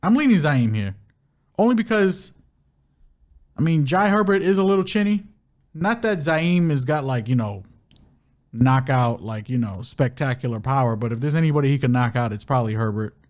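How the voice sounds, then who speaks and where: A man's voice: mid-range voice, animated, normal speed, a little mellow. A man co-hosting a casual combat-sports betting podcast, loose and hedging with frequent "you know". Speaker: podcast co-host, betting analyst.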